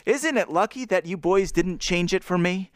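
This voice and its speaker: A man's voice: sits high, moderate pace, no echo, studio quality, pitched above the performer's own voice, close to an everyday voice. A man voicing a mocking, stout teenage prankster with a put-on American Southern accent, theatrical and wheedling. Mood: mock solemn.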